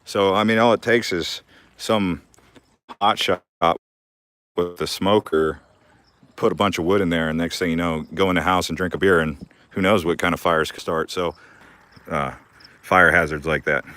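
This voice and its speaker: Deep-voiced young man live-streaming outdoors. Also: fairly even intonation, normal speed, long pauses, fairly bright tone, no room sound. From Arizona. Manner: rambling, laughs often, talks to his dog. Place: backyard garden outdoors.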